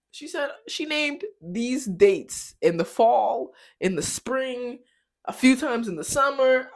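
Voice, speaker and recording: A young woman hosting a podcast, telling a casual story in a lively, animated way, swearing and laughing often, her voice shooting up high when she is shocked. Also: slow. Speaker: podcast host.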